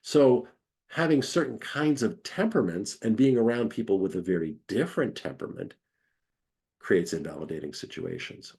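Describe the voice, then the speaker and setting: A man's voice: fairly low pitch, lively intonation, moderate pace, warm tone. A man giving a conversational academic lecture, acting out quoted voices as he explains.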